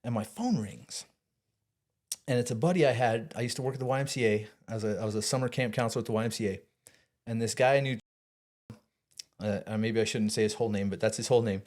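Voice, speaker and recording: A man in a casual interview, spinning a long personal story. He gets animated, swears freely and trips over his words as he goes, his voice at an ordinary middle pitch. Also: fast, long pauses. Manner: animated, swears, laughs, restarts often. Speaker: podcast guest.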